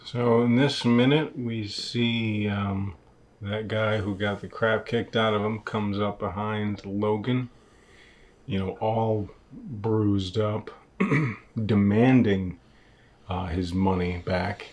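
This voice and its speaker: Laid-back low-voiced man rambling about films. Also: fairly even intonation, takes it slowly, a little mellow. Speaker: podcast co-host. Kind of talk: casual film podcast chat. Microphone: video call.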